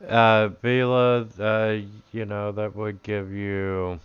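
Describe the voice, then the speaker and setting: A man narrating a tabletop game as game master in an unhurried, chuckling way. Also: on the low side, flat delivery, muffled recording, heavy background noise.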